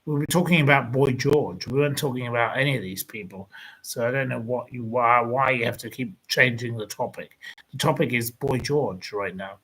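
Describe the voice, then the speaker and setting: A man's voice: medium pitch, moderate pace, a bit bright, slightly rough, low-quality recording. A man hosting a livestream, ranting indignantly and rambling as he answers viewer comments. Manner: indignant, rambling, repeats insults.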